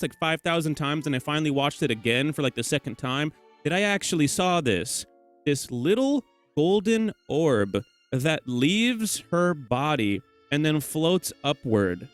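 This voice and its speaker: Joking young man over soft music. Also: on the high side. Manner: joking, teasing and rambling, with self-corrections. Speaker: gaming theory video host. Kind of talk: casual commentary over game footage.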